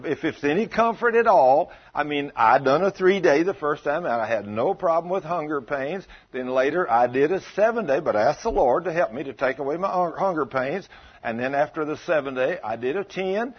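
A man's voice: fairly high pitch, lively intonation, a little fast, husky. A man preaching a sermon, telling stories emphatically in a folksy way. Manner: emphatic storytelling, folksy speech. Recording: dull lo-fi sound.

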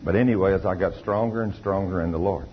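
A man's voice: low voice, fast talker. An older man telling his testimony in an emphatic, folksy preaching style. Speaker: lay preacher giving testimony. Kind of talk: testimony sermon. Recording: dull lo-fi recording with faint noise.

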